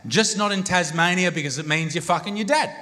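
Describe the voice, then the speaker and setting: A man's voice: sits high, a little fast, noisy background. A young Australian man doing a crude, swear-filled stand-up set on a comedy stage, telling stories to a live crowd. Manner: crude, swearing, brash storytelling.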